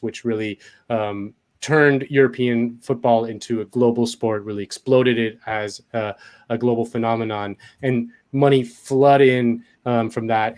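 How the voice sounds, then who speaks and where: A man talking casually as a guest, hesitant, with many fillers and restarts. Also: mid-range voice. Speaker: guest commentator. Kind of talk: casual conversation.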